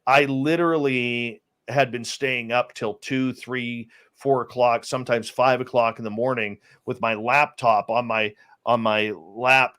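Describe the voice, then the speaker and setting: Man telling a story in casual chat. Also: medium pitch. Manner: animated storyteller with many restarts. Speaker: interview guest, radio host.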